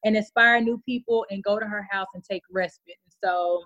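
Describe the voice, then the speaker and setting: Animated woman guest, casual talk. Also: medium pitch, brisk, muffled recording. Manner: animated, laughing, plays out reactions in voices. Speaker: podcast guest, co-founder. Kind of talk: casual conversation.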